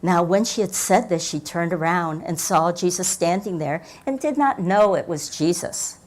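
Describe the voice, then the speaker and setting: A woman's voice: on the low side, normal speed. An older woman pastor giving a reflective sermon in a church, reading scripture and telling stories, often dropping her voice to near whispers for emphasis. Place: church sanctuary.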